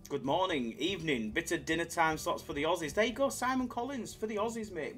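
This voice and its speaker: Slots streamer guy, slightly high voice, chill chatty banter, bit of music under it. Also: lively intonation, fairly quick, fairly bright tone. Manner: laid-back banter, reading out chat names. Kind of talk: casual live-stream chat.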